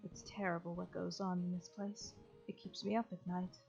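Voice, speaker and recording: A woman's voice: lowish voice, flat delivery, moderate pace, gravelly, a little mellow. A woman reading a fearful, weary young mother. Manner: polite, weary, old-fashioned phrasing. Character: distressed young mother, soft-spoken and fearful. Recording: lo-fi with faint game music.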